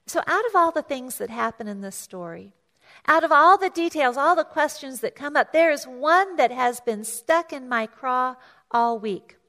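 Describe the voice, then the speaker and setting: A woman's voice: animated, moderate pace, bright, forceful tone. A woman pastor preaching a sermon, retelling a scripture story in a conversational way, often restarting and repeating words and lifting her voice to act out the characters. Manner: storytelling, acts out voices of the story with raised pitch.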